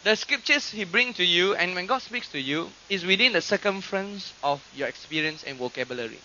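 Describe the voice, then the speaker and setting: A man preaching a sermon, teaching from scripture and acting out quoted voices with animated emphasis. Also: sits high, fairly quick, a little hiss or hum. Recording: dull lo-fi archive recording.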